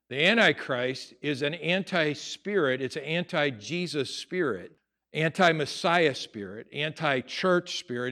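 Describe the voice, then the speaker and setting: A man preaching a sermon, conversational at times and rising to loud, emphatic stretches. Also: on the high side. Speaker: pastor.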